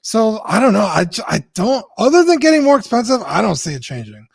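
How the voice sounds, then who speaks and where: A man with a slightly high voice gives blunt opinions in casual podcast chat, sighing now and then. The sound is dry and close. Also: very animated, a little fast, vocal fry, breathy edge, dry recording. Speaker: podcast guest.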